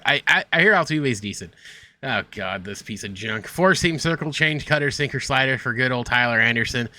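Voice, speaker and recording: Bright-voiced man rattling off game stats. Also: medium pitch. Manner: rambling, sarcastic, reads stats aloud. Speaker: gaming streamer. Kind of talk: casual game commentary.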